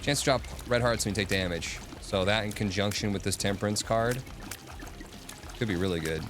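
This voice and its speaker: A man's voice: fairly low pitch, brisk, background noise. A man streaming a video game, chatting casually, thinking aloud and answering his chat. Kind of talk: casual gaming commentary. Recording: game music playing behind.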